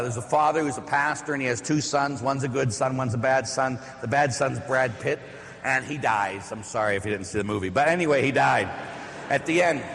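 A middle-aged man, a priest, preaching a sermon with stories, slowing down to stress key lines. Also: medium pitch, fairly bright tone, big-room sound. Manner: storytelling, emphatic with slow stressed lines. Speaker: Catholic priest.

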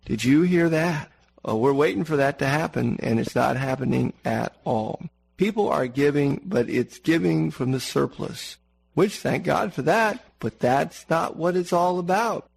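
A man's voice: fairly high pitch, expressive, a little slow, gravelly, a little hiss or hum, low-quality recording. A man preaching a sermon in an earnest manner, repeating words for emphasis and asking the congregation questions.

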